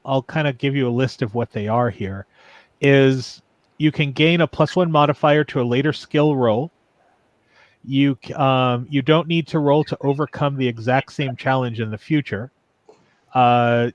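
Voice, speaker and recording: A man's voice: medium pitch, dry recording, muffled recording. Game master man explaining rules. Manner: explains rules patiently with many ums and restarts. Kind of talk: narrating a tabletop game.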